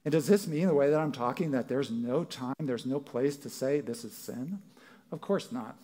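A man's voice: medium pitch, moderate pace, warm tone. A male pastor preaching a sermon in a church, talking conversationally and acting out what people might say. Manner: conversational, acts out quoted voices.

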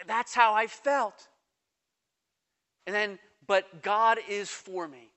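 A man preaching a sermon, telling a lively personal story and slowing down when he reads scripture. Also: high voice. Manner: animated storytelling, quick bursts, slows for scripture. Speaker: pastor.

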